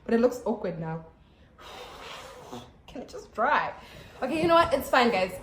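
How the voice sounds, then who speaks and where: A young South African woman telling a storytime vlog to her camera at home, chatty and animated with lots of fillers and restarts. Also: a little high, a little slow, a little hiss or hum. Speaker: YouTuber. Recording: echoey room.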